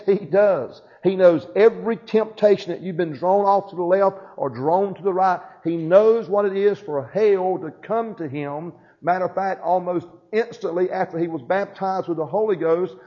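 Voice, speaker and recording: A man's voice: sits high, dark tone, muffled recording. A man preaching a sermon, building emphasis and calling for responses from the congregation.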